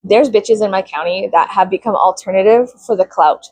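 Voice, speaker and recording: A woman in her thirties ranting casually to camera, profane and sarcastic, sometimes pitching up into high mocking tones. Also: brisk, a little mellow, low-quality recording. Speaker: vlogger. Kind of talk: casual venting rant to camera.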